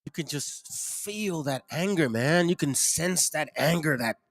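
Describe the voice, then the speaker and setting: A man's voice: a little high, lively intonation, unhurried, gravelly. A man hosting a casual commentary, rambling and repeating himself with slangy asides. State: headache, struggling to focus. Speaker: host.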